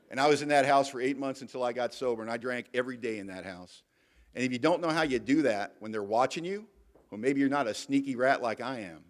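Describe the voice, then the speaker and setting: A man's voice: mid-range voice, fast talker. A middle-aged man giving a candid, emphatic recovery talk to a convention audience and telling his own story with self-mocking humor. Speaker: AA speaker. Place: convention hall.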